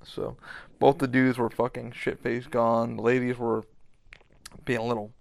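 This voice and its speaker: A man's voice: mid-range voice, little pitch movement, moderate pace, vocal fry. A man hosting a podcast in loose, rambling casual chat, swearing freely and filling gaps with ums and restarts. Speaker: podcast host.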